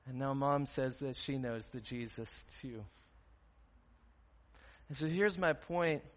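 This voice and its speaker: A pastor preaches a sermon in a slow, mid-range voice, speaking earnestly and conversationally with fillers. The recording sounds dull, with a long hall reverb.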